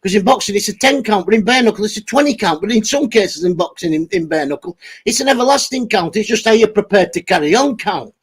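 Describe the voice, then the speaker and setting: A man's voice: high voice, expressive, quick pace, few pauses, breathy edge. A middle-aged man, rambling and swearing as he chats with his live stream viewers. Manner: sweary, laughs often, talks to chat by name.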